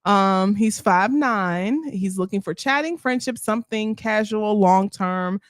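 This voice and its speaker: A woman's voice: medium pitch, measured pace, no echo, clean studio sound. Laughing woman reading profiles aloud. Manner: laughs often, reads in a flat listing way. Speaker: podcast co-host.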